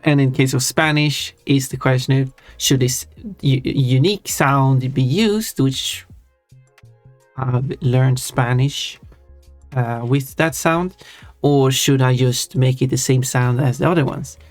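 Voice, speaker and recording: On a casual livestream, a Swedish speaker with a Swedish accent takes it slowly, chatting and explaining in a loose way while backtracking and rewording. Their voice is at an ordinary middle pitch, the sound is close and dry with no echo, and quiet background music plays faintly.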